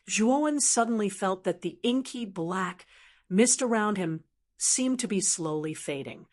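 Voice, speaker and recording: A woman's synthetic voice reading an audiobook in even, steady scripted narration. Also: medium pitch.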